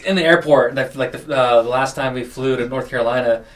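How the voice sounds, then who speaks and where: A man's voice: medium pitch, a little fast, a little hiss or hum. Rambling young man, far from the mic. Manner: rambling, filler-heavy, acts out quotes. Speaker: podcast host. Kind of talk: casual chat. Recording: voice distant from the mic.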